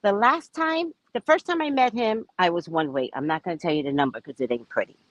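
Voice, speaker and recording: A woman telling a story to her viewers in a chatty, frank and animated vlog, now and then profane. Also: on the low side, fairly quick, noisy background. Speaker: vlogger. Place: at a resort.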